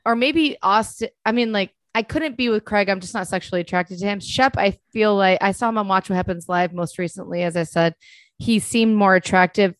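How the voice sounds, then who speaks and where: A young woman in casual podcast talk, blunt and quick to joke, dropping curse words as she goes. Her voice sits in a middle register, recorded close and dry with no room sound. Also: mid-range voice, no echo. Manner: blunt, joking, swears freely. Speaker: podcast co-host. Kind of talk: casual chat.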